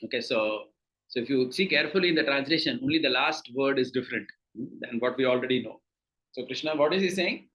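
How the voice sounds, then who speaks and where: A man's voice: on the high side, expressive, quick pace, pushed and bright, rough recording. A man with an Indian accent teaching a scripture class, explaining patiently with many fillers and repeated words.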